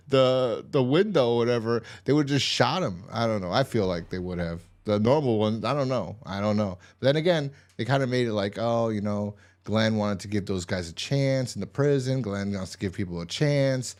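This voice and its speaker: A man's voice: medium pitch, normal speed, few pauses, darkish tone. A man casually recapping a TV episode, rambling and swearing, with exasperated asides. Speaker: TV episode reviewer.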